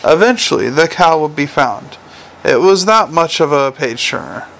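Male audiobook narrator, somewhat raised pitch, dry wry delivery, faint hiss on the recording. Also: animated, normal speed, vocal fry, fairly bright tone, low-quality recording.

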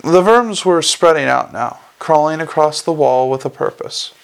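A man reading a fantasy novel aloud as the narrator, in a steady storytelling manner. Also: a little high, normal speed, vocal fry, smooth. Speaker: audiobook narrator. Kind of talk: scripted narration.

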